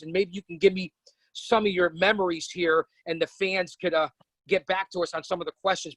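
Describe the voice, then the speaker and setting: A man's voice: fairly high pitch, fairly bright tone, no echo, low-quality recording. A man hosting a podcast, asking questions in a hyped-up, theatrical way. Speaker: podcast host, interviewer. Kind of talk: casual podcast interview.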